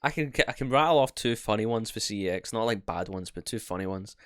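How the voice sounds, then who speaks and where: A young man spins a story on a podcast, swearing freely and acting out each voice in turn. His tone is low-pitched and smooth, and the recording is close and dry. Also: fairly quick, no room sound. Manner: animated, sweary storyteller acting out both sides of exchanges. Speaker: podcast co-host. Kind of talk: casual storytelling chat.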